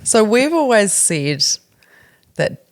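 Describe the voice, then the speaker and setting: A woman's voice: medium pitch, big pitch swings, slow, dry recording, clean studio sound. This is a woman in her thirties, chatting on a podcast. Her voice rises and falls a lot, and she tells stories frankly and breaks into laughter often. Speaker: podcast co-host. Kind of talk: casual chat.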